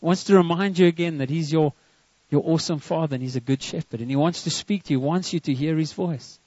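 A man's voice: a little high, fast talker, darkish tone, no room sound, highs cut off. A man preaching a sermon to a church congregation, earnest and often repeating words as he starts a line. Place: church service.

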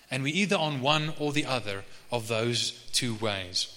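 A male pastor preaching a sermon in a conversational way, with frequent restarts, and reading scripture slowly. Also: mid-range voice, animated, sharp tone. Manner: slow measured reading of scripture. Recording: reverberant hall.

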